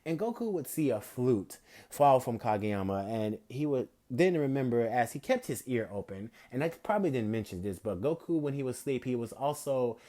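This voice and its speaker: Give me a young man with a medium-pitched voice casually narrating a made-up story, correcting himself as he goes. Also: big pitch swings, moderate pace, warm tone. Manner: rambling, casual, lots of fillers and self-corrections. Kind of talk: improvised fan-fiction storytelling.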